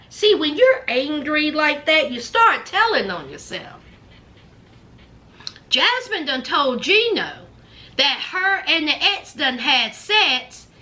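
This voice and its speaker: A woman's voice: very high-pitched, sharp tone. A woman giving sassy, gossipy reality TV recap commentary, often saying "honey".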